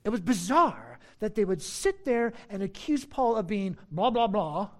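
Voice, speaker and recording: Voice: mid-range voice, very animated, normal speed. A preacher giving a sermon, teaching in an emphatic, conversational way with frequent asides and a sarcastic edge.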